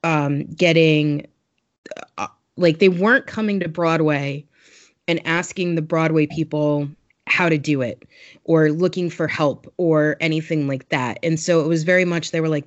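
A woman's voice: deep voice, steady tone, unhurried. A woman co-hosting a casual podcast chat, thoughtful and hedging, with many fillers. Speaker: podcast co-host. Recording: dull lo-fi sound.

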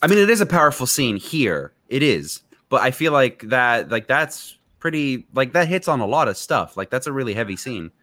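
A man co-hosting a casual movie review chat in a relaxed, wry way. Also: medium pitch, normal speed, few pauses. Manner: relaxed, wry, laughs easily. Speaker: podcast co-host.

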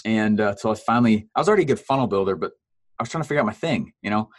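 Animated man telling his story. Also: racing. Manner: animated storyteller, acts out quoted voices with big pitch jumps; laughs often, fillers like "uh" and "man". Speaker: guest. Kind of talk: storytelling in a casual interview.

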